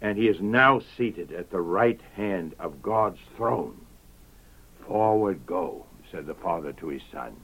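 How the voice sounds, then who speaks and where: Slow, solemn male preacher. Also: sits low, fairly bright tone, slightly rough, rough recording. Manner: slow, solemn, rising to declamatory emphasis. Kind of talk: sermon.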